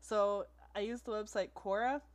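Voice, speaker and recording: A woman's voice: mid-range voice, fairly even intonation, normal speed, crowd noise. A young woman co-hosting a podcast, chatting casually about a book with wry remarks and frequent laughs. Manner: wry, laughs often, reads passages aloud. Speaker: podcast co-host. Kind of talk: casual book-discussion chat.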